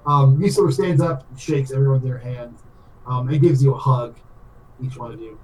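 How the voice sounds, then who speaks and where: A man's voice: medium pitch, normal speed, a little mellow. A man narrating a tabletop game as game master, in a loose, rambling way full of filler words. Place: room on a live stream. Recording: roomy echo, mic at a distance.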